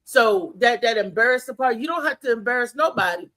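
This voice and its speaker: A woman's voice: fairly high pitch, lively intonation, a little fast, fairly bright tone. A woman comedian hosting a talk show, telling an emphatic story with a preachy edge. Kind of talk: casual talk show monologue.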